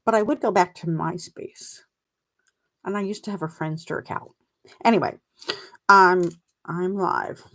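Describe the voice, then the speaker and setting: A middle-aged mindset coach runs a casual live stream indoors, sitting at a table with her computer and talking into a plug-in desk mic. Her voice is lowish and a bit bright, slightly slow with frequent pauses, on a rough recording. She rambles, chews gum, and laughs at herself.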